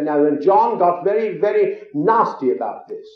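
A man with a high voice preaches a sermon, moving from storytelling into emphatic, rising declarations. The recording is muffled and lo-fi, in a very echoey room. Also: very animated, moderate pace. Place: a room with an audience.

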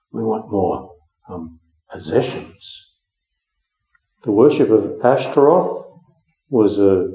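A man preaching a Bible teaching sermon in a conversational way, with frequent ums and restarts. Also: on the low side. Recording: echoey room, dull lo-fi sound.

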